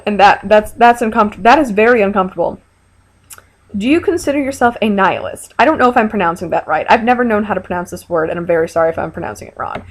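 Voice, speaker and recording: A woman's voice: medium pitch, fast talker. A young woman vlogger answering viewer questions in a casual, frank and playful chat, with lots of fillers. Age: young adult.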